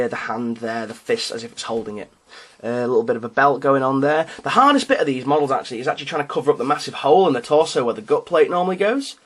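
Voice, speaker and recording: A man's voice: mid-range voice, a bit bright. A man with an ordinary mid-range voice casually narrates a show-and-tell of his miniatures. He rambles, hesitates and restarts often, filling gaps with ums. He keeps a lightly amused, self-deprecating tone. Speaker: hobbyist showing his painted miniatures.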